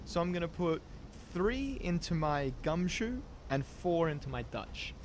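A male player with a slightly higher voice, casually reporting his dice rolls. His humor is dry and deadpan, and there is faint hiss behind him. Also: unhurried. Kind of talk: casual tabletop play.

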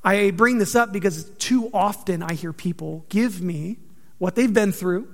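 Animated preaching man, high voice. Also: unhurried, gravelly, long reverb tail. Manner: conversational, joking, animated preaching. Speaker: pastor. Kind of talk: sermon.

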